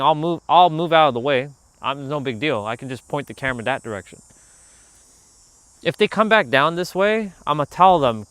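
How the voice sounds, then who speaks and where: A man hosting a casual outdoor livestream, talking in a rambling, animated way and calling out to people passing by. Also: a little high, normal speed, long pauses, clear, resonant tone, no room sound. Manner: rambling, animated, calls out to passersby. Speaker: livestream host. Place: outdoors near a park.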